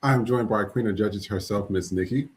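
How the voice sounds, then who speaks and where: A man's voice: fairly low pitch, quick pace. A man hosting a podcast in loose, laughing casual chat. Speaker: podcast host.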